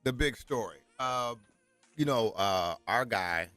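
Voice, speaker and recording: A man's voice: medium pitch, expressive, takes it slowly, fairly bright tone, faint music behind. A man co-hosting a sports talk radio show, chatting with enthusiastic, hometown-proud banter. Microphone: studio microphone.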